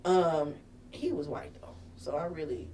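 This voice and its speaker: A woman's voice: deep voice, unhurried, mellow, far from the mic, slight background noise. A woman comedian in her forties, telling stories in loose casual chat. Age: 40s. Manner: storytelling, loose, trails off. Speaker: comedian guest.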